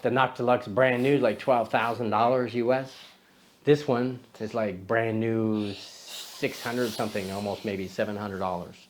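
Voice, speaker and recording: A man's voice: on the low side, steady tone, unhurried, background noise. A man hosting a photography vlog, talking casually to camera in a rambling, self-deprecating way with many fillers and restarts.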